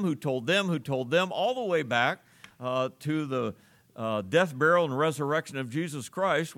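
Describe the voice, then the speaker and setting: A man preaching a sermon to his congregation, earnest and steady, with frequent pauses and fillers as he explains scripture. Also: a little high. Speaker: pastor.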